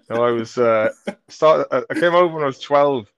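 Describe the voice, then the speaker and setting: A man's voice: mid-range voice, normal speed, no room sound, dull audio. A man in his forties from Merseyside, a comedian chatting as a podcast guest, crude and self-mocking, with lots of restarts. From Merseyside, England. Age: 40s. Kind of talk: casual chat.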